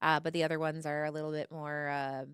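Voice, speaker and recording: A woman's voice: low-pitched, flat delivery, a little fast, clean tone, no room sound, clean studio sound. A woman giving casual, chatty commentary on a card game match, often laughing and voicing what the players might be thinking.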